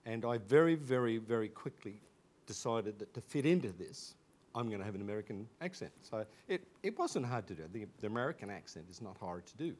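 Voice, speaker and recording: A man's voice: mid-range voice, lively intonation, brisk. An Australian man in his fifties, animatedly recalling school days with laughter and frequent restarts. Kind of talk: casual anecdotal storytelling.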